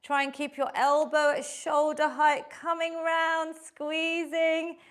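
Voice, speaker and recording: Leading a live workout class online, this female instructor coaches and encourages through the moves as she exercises herself, slightly breathy. She speaks slowly in a high-pitched, monotone voice with a fairly bright tone.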